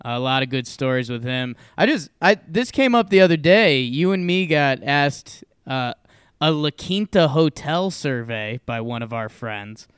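A young man co-hosting a casual podcast, telling a story with lively energy and frequent laughs. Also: mid-range voice, measured pace, clean tone, no echo, studio quality. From Connecticut, USA. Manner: animated storyteller, laughs often. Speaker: podcast co-host. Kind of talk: casual chat.

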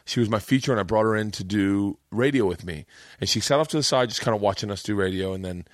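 A man's voice: fairly low pitch, fast, dry recording, clean studio sound. A man hosting a podcast in casual chat, telling anecdotes with lots of swearing and putting on voices for the people in his stories. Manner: animated storyteller, swears freely, puts on voices in anecdotes. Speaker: podcast host.

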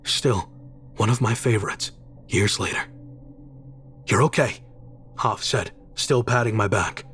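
A man reading a horror story aloud in a measured, dramatic scripted narration. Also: on the low side, a bit bright, soft background music.

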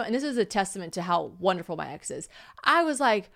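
A young woman hosts a casual podcast chat at a middle pitch. She tells stories with animated energy, acting out what people said and swearing freely. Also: quick pace, gravelly. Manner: animated storytelling, acting out quotes, frequent swearing. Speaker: podcast host.

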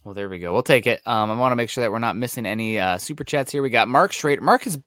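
Bright-voiced man, dry close podcast sound. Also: mid-range voice, lively intonation, no echo. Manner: fast-talking, analytical with frequent um fillers. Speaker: podcast co-host. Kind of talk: casual sports talk. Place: Seattle area.

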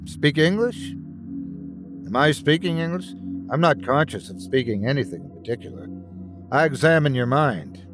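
A man's voice: fairly high pitch, lively intonation, moderate pace, music in the background, lightly acted. A man voicing a large, polite talking alien creature who speaks in a genteel, reasonable way. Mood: courteous calm.

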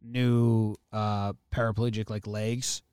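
A man's voice: fairly low pitch, takes it slowly, clear, resonant tone, no echo, studio quality. A man co-hosting a sports podcast, retelling a story in casual chat and acting out the quotes. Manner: animated storyteller, acts out quotes, swears. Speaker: podcast co-host.

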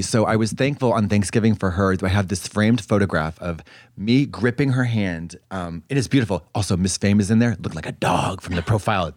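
A man with a somewhat low voice that swings widely up and down, talking in a campy, rambling way. The sound is dry and close, with no room around it. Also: dry recording. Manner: campy, rambling, animated storytelling with drawn-out quotes. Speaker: podcast co-host. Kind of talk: casual chat.

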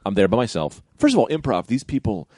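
A man's voice: lowish voice, sing-song, quick pace, darkish tone, slightly rough, no echo. A young man telling a story in a casual chat, acting out voices and swearing casually. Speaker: comedian telling a story on a podcast.

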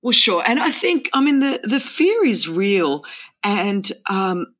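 A woman's voice: medium pitch, sing-song, slow pace, fairly bright tone. A woman in her forties from Sydney with an Australian accent, speaking as an enthusiastic, playful interview guest. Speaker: guest author. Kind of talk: casual podcast interview.

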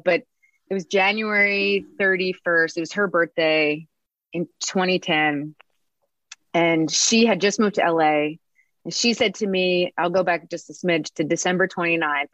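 American woman in her 30s rambling through a story, acts out what people said, lowish voice, dry kinda muffled sound. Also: no echo. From United States. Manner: animated, acts out quotes, lots of "like". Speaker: guest. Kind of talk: storytelling in an interview.

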